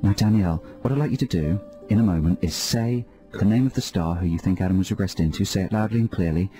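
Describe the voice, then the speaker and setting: A male radio host with a low, mellow voice, running calm, deadpan mock-hypnotist patter in a studio. Faint music plays underneath. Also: quick pace. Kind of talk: comedy radio banter. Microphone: studio microphone.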